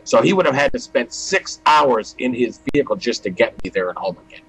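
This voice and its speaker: A man's voice: medium pitch, lively intonation, a little fast, a bit bright, low-quality recording. A man telling his life story as a guest, acting out old conversations as he goes. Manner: acts out dialogue with "I go, he goes". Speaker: guest giving testimony. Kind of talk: storytelling testimony.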